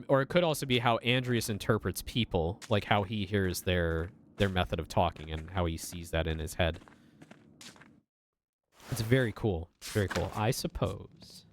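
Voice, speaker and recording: A man's voice: low-pitched, a bit bright, a little hiss or hum. A man streaming a game, chatting casually and swearing freely. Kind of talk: casual gaming commentary.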